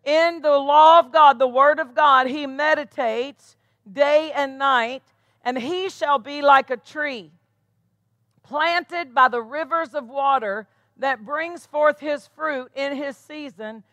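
A woman's voice: high voice, slow, a bit bright, no echo. A woman pastor preaching a sermon, emphatic and calling out rhetorical questions to her congregation.

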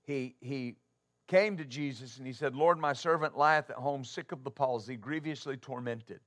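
A man preaching a sermon as pastor, asking rhetorical questions and building to loud, stressed points. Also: mid-range voice. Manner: halting with uh fillers when starting.

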